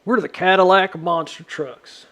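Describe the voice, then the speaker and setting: A man putting on a smooth announcer pitching luxury monster trucks in a mock commercial, in half-whispered sales patter. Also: steady tone, measured pace, bright, forceful tone, full character voice. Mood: salesy.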